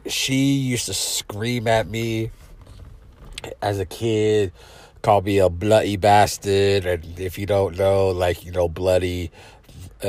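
A man's voice: low-pitched, a little mellow. A man hosting a podcast, talking in a blunt, profane, rambling monologue full of fillers and restarts. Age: adult parent. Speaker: podcast host. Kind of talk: casual monologue.

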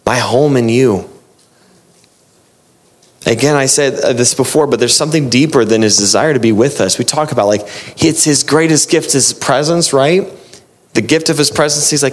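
A man's voice: on the high side, lively intonation, normal speed. A man preaching a sermon, earnest and explaining, often repeating and restarting his phrases.

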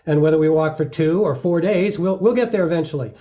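A middle-aged mountaineer guest talks earnestly in an interview, weaving in little acted-out examples. His mellow voice sits slightly high for a man, and his pace is steady and reflective yet brisk. The recording sounds dull and lo-fi.

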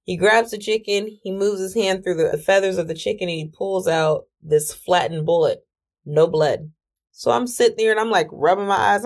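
A woman hosting her own podcast, her voice sitting at an ordinary middle pitch. She tells the story in a loose, animated way, with disbelieving exclamations and plenty of cursing. Every so often she reins herself in and tells herself to breathe. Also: moderate pace. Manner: animated, exclamatory, swears freely; talks herself down with deep breaths. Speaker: podcast host. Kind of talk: casual storytelling monologue.

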